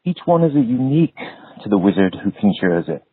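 A man voicing a kind, patient wizard teacher who explains calmly, heard over a tinny phone line. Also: fairly low pitch, breathy edge, exaggerated voice. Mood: explaining. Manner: calm, measured explaining.

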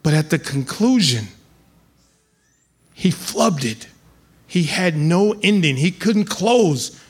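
A man telling a comic personal story live on stage, building to loud excited outbursts. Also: fairly high pitch, takes it slowly, breathy edge. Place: live venue with audience.

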